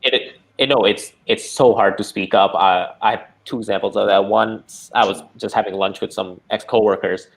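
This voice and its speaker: Lower-voiced man telling stories as a guest. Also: moderate pace, gravelly, hardly any pauses. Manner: storytelling, expressive, acts out quotes. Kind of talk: casual discussion.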